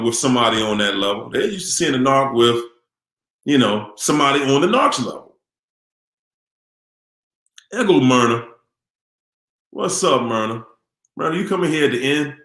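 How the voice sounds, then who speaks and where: A man hosts a casual live stream in a relaxed, upbeat way, calling out viewers' names. His voice sits somewhat high for a man. The room around him is echoey.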